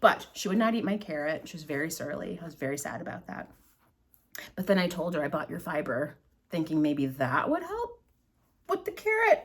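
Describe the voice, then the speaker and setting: This podcast host is a middle-aged woman whose voice sits low and sounds slightly rough. Seated at home with bags of yarn behind her, she chats casually, telling stories in a rambling way and poking fun at herself.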